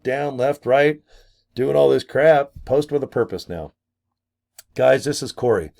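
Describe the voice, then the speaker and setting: A man's voice: mid-range voice, a little mellow. An older man vlogging a casual promotional rant, goofy and crude, full of exaggerated asides and silly put-on voices. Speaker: marketing vlogger.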